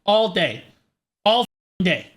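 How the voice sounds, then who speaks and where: Profane, excitable man reacting to clips. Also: high voice, slow pace. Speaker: streamer reacting to videos. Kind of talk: casual reaction commentary.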